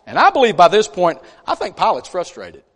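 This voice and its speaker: High-voiced animated preacher in reverberant church. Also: male voice, a little fast. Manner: folksy, animated, with chatty asides. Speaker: pastor. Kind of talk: conversational sermon with scripture reading. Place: church sanctuary.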